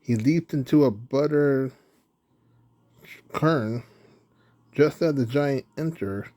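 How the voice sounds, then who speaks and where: Man, storybook narrator, unhurried, mid pitch. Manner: slow, even reading. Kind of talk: storybook reading.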